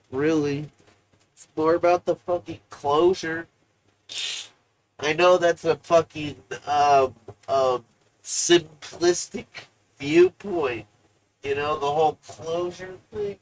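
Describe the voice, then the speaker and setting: Gravelly, slow, profane live-streamer. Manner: profane, rambling, emotional; swings between low mutters and loud outbursts. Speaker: livestreamer. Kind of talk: rambling live-stream monologue.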